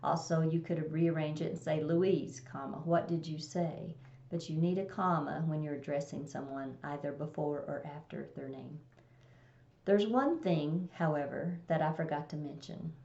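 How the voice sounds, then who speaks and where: Woman teacher, low gravelly voice, echoey dull lo-fi recording. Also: moderate pace, warm tone. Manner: plain explanatory, reads example sentences aloud. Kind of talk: recorded test-prep lesson. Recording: echoey room, dull lo-fi sound.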